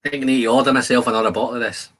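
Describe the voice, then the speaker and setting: Chatty bright-voiced man hosting a livestream. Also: mid-range voice, steady tone, racing. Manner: chatty, jokey banter with viewers, reads comments aloud. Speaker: whisky livestream host. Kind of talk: casual live-stream chat while tasting whisky. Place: home shed.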